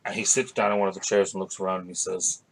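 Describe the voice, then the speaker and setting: A man's voice: low-pitched, little pitch movement, quick pace, gravelly, a little hiss or hum, low-quality recording. A man narrating as game master of a tabletop game, rambling and hesitant, with many fillers.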